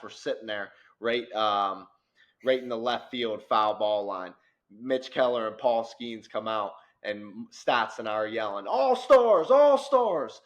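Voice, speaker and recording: A man co-hosting a casual sports podcast, talking animatedly and growing loud and worked up as he rants. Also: lowish voice. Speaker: podcast co-host.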